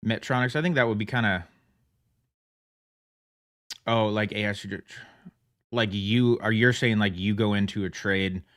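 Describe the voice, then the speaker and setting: A man's voice: lowish voice, steady tone, unhurried, long pauses, a bit bright, dry recording, clean studio sound. A man chatting casually on a trading livestream, rambling and self-mocking, laughing often as he talks. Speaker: livestream trader.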